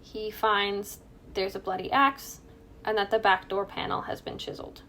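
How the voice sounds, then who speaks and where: A woman's voice: medium pitch, fairly even intonation, normal speed, vocal fry, pushed and bright, slight background noise. A woman co-hosting a true crime podcast, chatting casually, joking and laughing at her own asides. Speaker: podcast co-host.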